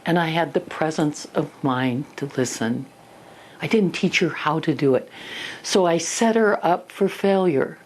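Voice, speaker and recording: With a low voice and a measured pace, an older parenting teacher tells personal stories in earnest, playing out small scenes as she goes. A slight hiss or hum runs under the recording.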